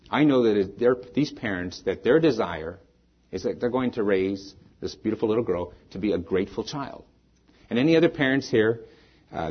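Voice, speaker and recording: A middle-aged pastor preaching a sermon in church. He talks dynamically, rising to loud peaks and falling off to soft endings. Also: fairly low pitch, slightly rough, muffled recording.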